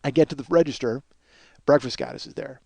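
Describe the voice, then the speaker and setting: A man in his forties hosting a podcast and telling a comic story, profane and self-mocking, and he gets loud and worked up. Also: medium pitch, fast talker, gravelly, dry recording. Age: 40s. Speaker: podcast host.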